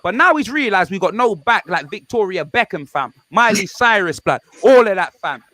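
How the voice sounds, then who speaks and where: A young man, chatting casually about football on a video call stream, loud and jokey, full of slang. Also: high-pitched, moderate pace, no echo. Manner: loud, jokey and animated, heavy London slang. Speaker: guest.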